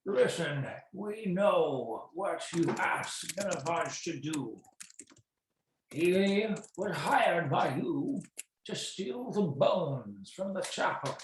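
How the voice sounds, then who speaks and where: Slow-speaking man in an echoey room. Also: fairly high pitch, animated, distant mic. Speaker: player. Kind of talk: in-character tabletop play. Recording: very echoey room, faint noise.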